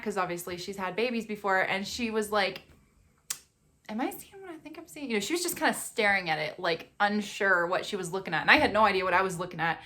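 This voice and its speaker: A young adult woman vlogging about being a mother of twins, telling her story in a chatty, expressive way and laughing often. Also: mid-range voice. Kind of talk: casual vlog storytelling.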